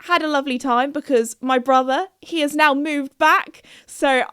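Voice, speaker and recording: A woman's voice: sits high, steady tone, normal speed, bright, forceful tone, no room sound, studio quality. A young woman hosting her own podcast, chatting casually and rambling about her week with lots of fillers. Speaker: podcast host. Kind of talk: casual chat.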